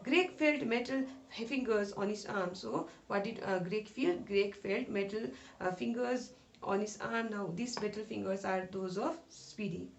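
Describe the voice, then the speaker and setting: A woman's voice: mid-range voice, a little slow, gravelly. A woman teacher explaining a story line by line to schoolchildren, rephrasing each sentence and asking questions aloud with frequent "uh" fillers. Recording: echoey room with faint noise.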